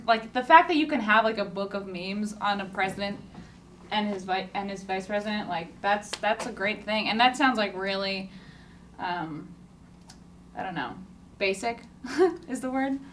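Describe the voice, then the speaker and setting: A woman's voice: mid-range voice, normal speed, a bit bright. A young woman chatting casually, rambling with lots of fillers and restarts. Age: young adult. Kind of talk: casual chat. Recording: distant mic with faint noise.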